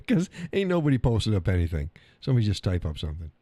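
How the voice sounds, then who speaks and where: A man's voice: fairly low pitch, huge pitch swings, fast, warm tone, dry recording. Blunt, profane American man ranting. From United States. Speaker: live stream host. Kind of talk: casual opinion monologue.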